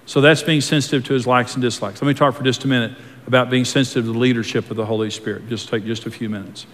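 A man's voice: medium pitch, steady tone, fast talker. A man pastor preaching a sermon in an earnest, folksy way, often repeating himself and restarting his words. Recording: long hall reverb.

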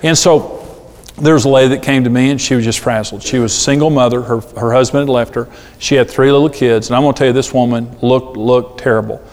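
Speaking a little fast, a pastor with a steady, slightly mellow, mid-range voice delivers a sermon full of stories, voicing the people in them. A large hall's long reverb surrounds the recording.

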